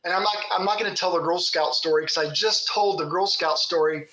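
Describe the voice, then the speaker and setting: A man's voice: sits high, fairly quick, sharp tone, reverberant, lo-fi sound. A man from Kentucky, a Bigfoot researcher, telling folksy stories with laughs in casual talk. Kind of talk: casual storytelling.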